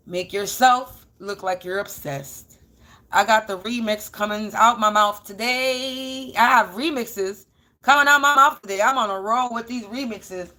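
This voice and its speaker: A woman's voice: fairly high pitch, measured pace, pushed and bright. Blunt, profane woman reader. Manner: repeats phrases for emphasis. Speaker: spiritual energy reader. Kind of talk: casual spiritual reading monologue.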